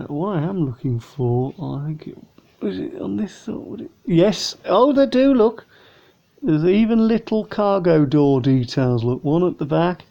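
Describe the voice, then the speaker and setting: A man talks his way through a casual model plane review, rambling and a bit weary. His voice sits slightly high, with a gravelly edge and a mellow tone. The recording sounds dull and lo-fi. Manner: rambling, chatty, tired. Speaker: vlogger.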